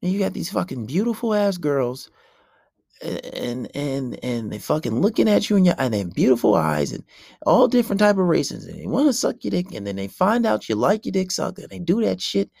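A man's voice: high voice, sing-song, brisk, creaky, darkish tone, no echo, clean studio sound. A man hosting a solo podcast, ranting in a brash, profane and preachy way. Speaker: podcast host.

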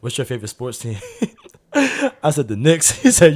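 A man telling a story in casual chat, animated and slangy, acting out other people's voices and laughing often. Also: high voice, a little slow.

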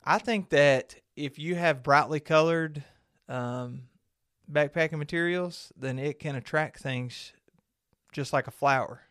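Laid-back, slightly high-voiced male podcaster. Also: a little slow, a bit bright, clear, resonant tone, no room sound, studio quality. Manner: rambling storyteller, laughs often. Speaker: podcast co-host. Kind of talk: casual chat.

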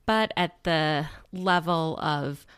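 A woman's voice: deep voice, slow, a bit bright, clear, resonant tone, dry recording. Woman chatting, dry close sound. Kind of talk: casual chat.

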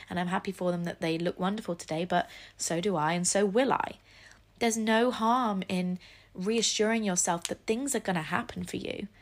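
Earnest woman hosting a podcast. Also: mid-range voice. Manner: earnest, encouraging, self-deprecating asides. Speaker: podcast host. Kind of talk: solo podcast talk.

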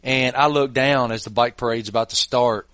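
A man's voice: medium pitch, fairly even intonation, moderate pace, fairly bright tone, dry recording. Middle-aged male podcast host, easygoing storyteller, dry close-mic sound. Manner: laid-back, chuckling anecdotes. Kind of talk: casual storytelling chat.

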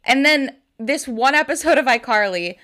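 A woman's voice: sits high, moderate pace. A young woman co-hosting a podcast in casual chat, jokey and playful, acting out exaggerated quotes. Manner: lively, jokey, acts out over-the-top quotes. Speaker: podcast co-host.

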